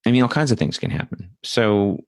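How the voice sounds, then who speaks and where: A man's voice: lowish voice, animated, a little fast, no room sound, studio quality. A man hosting a political commentary show, talking in a blunt, profane, rambling monologue full of asides. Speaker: host.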